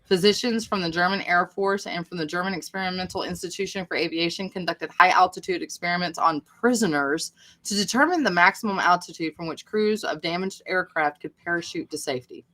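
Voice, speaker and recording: Woman co-host, lowish voice, chatty live-stream banter over a video call. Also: brisk, pushed and bright. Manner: chatty, reacts with laughs and exclamations. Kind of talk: casual live-stream chat, reading aloud.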